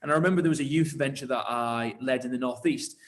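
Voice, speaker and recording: A man who leads churches tells his story in an interview with animated enthusiasm. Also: medium pitch, fast. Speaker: church leader and pastor.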